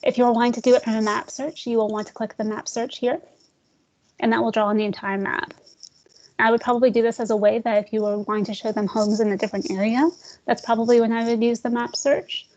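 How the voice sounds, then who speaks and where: A woman leading a screen-share software tutorial for real estate agents, talking casually, calling her listeners "guys" and joking about slow screens. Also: on the high side, steady tone, lo-fi sound. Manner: chatty, addresses audience as guys, jokes about glitches.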